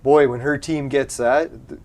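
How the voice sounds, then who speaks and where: A man's voice: mid-range voice, steady tone, normal speed, a little hiss or hum. A man hosting a gaming channel, chatting casually over his play, laughing often and swearing freely. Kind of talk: casual let's-play commentary.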